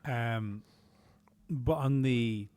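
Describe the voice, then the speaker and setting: A man's voice: medium pitch, drawn-out words, darkish tone. A man co-hosting a podcast, chatting casually, rambling with many fillers and some swearing. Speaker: podcast co-host.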